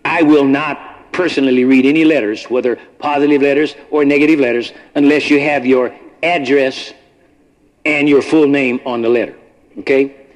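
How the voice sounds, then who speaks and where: A man's voice: mid-range voice, fairly even intonation, normal speed, rough recording. A man preaching a sermon to his congregation in a conversational, blunt manner, from an old broadcast. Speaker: pastor. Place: church congregation. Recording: archival radio broadcast.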